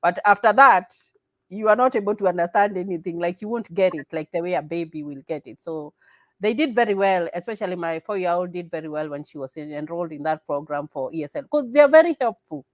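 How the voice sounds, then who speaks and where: A woman's voice: on the low side, animated, fast, no room sound, poor audio. A middle-aged woman from Kenya, a guest in a casual interview, talking earnestly, repeating her points and laughing often.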